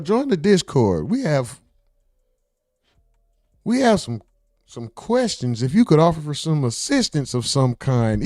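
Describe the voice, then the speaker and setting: A man's voice: mid-range voice, a little mellow, no room sound, studio quality. A man from the American South hosting a casual livestream sign-off, reading chat comments aloud in a laid-back, profane way. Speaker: livestream host.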